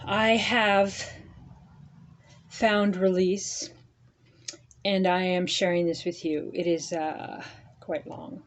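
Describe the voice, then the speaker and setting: A woman's voice: on the low side, little pitch movement, slow, pauses often. A woman reading her own angry rant aloud, emphatic and repetitive, with sarcastic asides. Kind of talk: slow deliberate spoken-word rant. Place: indoors at a computer.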